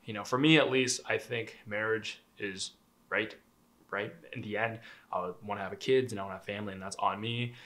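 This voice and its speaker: A man's voice: lowish voice, fairly even intonation, a little fast, a bit bright. A young man giving relationship advice in a casual, candid monologue, swearing freely, laughing lightly mid-sentence and tossing in "right?" asides.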